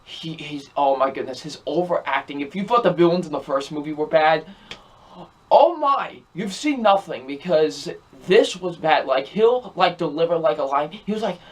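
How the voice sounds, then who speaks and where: A man's voice: a little high, animated, normal speed, few pauses. Ranting young man reviewing a film. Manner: repetitive, exasperated ranting.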